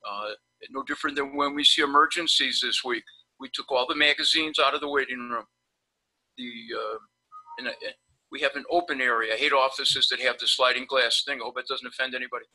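A man's voice: mid-range voice, fairly even intonation, brisk, pushed and bright, faint music behind, low-quality recording. A man, a periodontist, telling rambling, blunt stories in a casual webinar chat over a video call. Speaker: periodontist guest.

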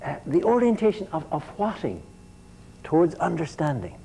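A man gives a university lecture in a mellow, dark voice. He often stumbles and repeats a word before going on, and he keeps turning to the students with questions. A faint hiss sits under the recording. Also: a little high, wildly swooping pitch, normal speed, gravelly, rough recording. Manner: repeats words as he restarts and quizzes the class.

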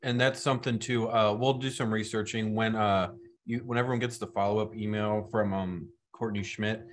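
A man's voice: lowish voice, steady tone, moderate pace. A man moderating a webinar, passing on audience questions in a casual way with many fillers.

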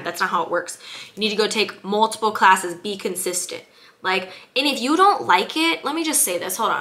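Bright-voiced woman ranting with blunt emphasis. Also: medium pitch. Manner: blunt, emphatic, heavy swearing, preachy repetition. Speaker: vlogger. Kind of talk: ranting motivational monologue to camera.

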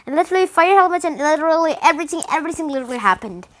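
A woman hosting a book review channel, talking through a story in a loose, rambling way, full of fillers, with sudden high jumps in pitch. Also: expressive, racing, a bit bright. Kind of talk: casual book review talk.

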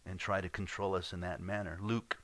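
A man's voice: deep voice, flat delivery, fairly quick, fairly bright tone, no echo. A man preaching a sermon as pastor, earnest and conversational, often repeating words as he goes.

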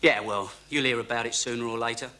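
A man's voice: medium pitch, fairly even intonation, fast, sharp tone, slight background noise, natural voice. An actor playing an evasive, defensive male fashion photographer in a 1980s crime drama. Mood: grudging. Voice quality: grudging, defensive.

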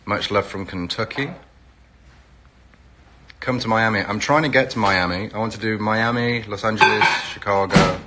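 On a casual phone live stream, a middle-aged English reality TV personality greets viewers by their locations and promotes an event. His voice sits on the low side, bright and forceful, at a moderate pace.

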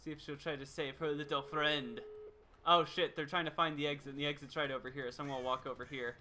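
A man's voice: on the high side, flat delivery, fast, bright, forceful tone, a little hiss or hum. A man streaming a video game, giving playful, chatty commentary and laughing often.

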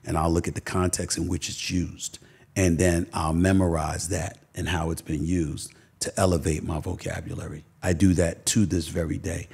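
Middle-aged New guest, emphatic storyteller, very low husky voice. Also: male voice, level tone, moderate pace, darkish tone. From Queens, New York. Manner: emphatic, repeats phrases for stress. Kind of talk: candid personal storytelling.

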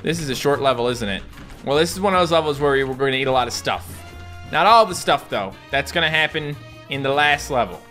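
A man's voice: medium pitch, animated, brisk, sharp tone, soft background music. A young man hosting a let's play, chatting casually and rambling off into asides to his viewers. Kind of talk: casual game commentary.

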